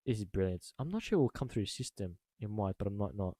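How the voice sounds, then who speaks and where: A man making a football reaction vlog, excitable, repeating his exclamations and laughing loudly. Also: fairly low pitch, fast, slightly rough, no echo. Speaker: football fan YouTuber.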